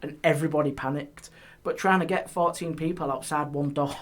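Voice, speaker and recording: Man, podcast guest, animated storyteller, hushed on spooky bits. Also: on the high side, fairly quick. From England. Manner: animated ghost-story telling, hushed on eerie details. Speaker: guest, paranormal historian. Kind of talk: casual storytelling. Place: podcast studio.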